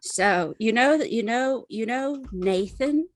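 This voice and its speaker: A woman's voice: on the high side, animated, slow, poor audio. A woman voicing a stoned young female adventurer who rambles and keeps repeating herself. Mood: rambling, stoned. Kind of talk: in-character roleplay.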